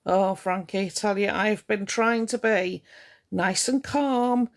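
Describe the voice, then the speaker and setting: A woman's voice: mid-range voice, slow. A woman ranting on a live stream to her viewers, indignant and confrontational, hammering her points home by repeating them.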